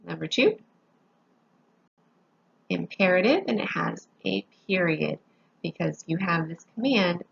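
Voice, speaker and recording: Sleepy teacher with a gravelly voice. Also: female voice, lowish voice, animated, a little slow, pauses often, muffled recording. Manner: patient, explains step by step with examples. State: sleepy, yawning. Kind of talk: recorded grammar lesson.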